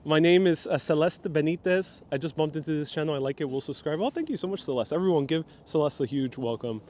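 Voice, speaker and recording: Talking at a quick pace, this man has a slightly high, darkish voice, and a little hiss or hum comes through. He's a New Yorker from a Puerto Rican family, a live-stream host and city guide doing a casual walking tour in a waterfront park, shot on a phone camera on a gimbal. He chats and laughs while reading out viewer comments.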